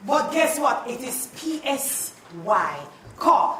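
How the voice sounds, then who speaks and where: A woman teacher, leading a playful, animated spelling lesson in a classroom. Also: high-pitched, slow pace, hardly any pauses, slight background noise. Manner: animated and playful, calls out questions. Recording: echoey classroom, mic at a distance.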